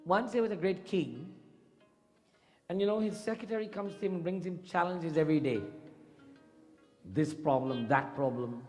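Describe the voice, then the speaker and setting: A man's voice: fairly high pitch, normal speed, pauses often, faint music behind. A man giving a sermon as a temple priest, telling a story and acting out its voices. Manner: lively storyteller who acts out the story voices. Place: temple hall. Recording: long reverb in a temple hall.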